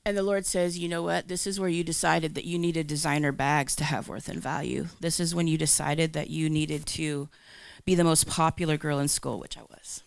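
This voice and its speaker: A woman giving a candid, animated personal faith testimony, acting out her own lines of dialogue as she tells it. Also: low-pitched, normal speed, gravelly, no room sound. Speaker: Christian speaker.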